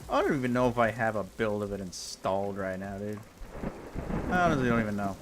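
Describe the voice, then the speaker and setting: A man's voice: on the low side, very animated, brisk, noisy background. A young man streaming a block game, ranting in exasperation and repeating himself as he plays. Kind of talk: casual game commentary.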